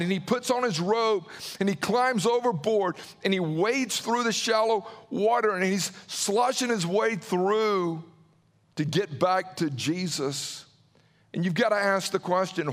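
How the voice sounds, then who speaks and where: Male pastor, high voice, dramatic sermon delivery with acted-out quotes. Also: in a large hall.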